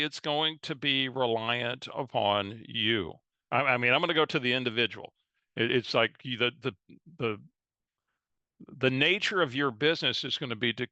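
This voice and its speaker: A man leads a lively coaching webinar over a video call. His voice is bright and forceful. The sound is dry and close, with no room in it. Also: medium pitch, no room sound, muffled recording. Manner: energetic, chatty, reads audience chat aloud. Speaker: real estate coach. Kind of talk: live webinar presentation.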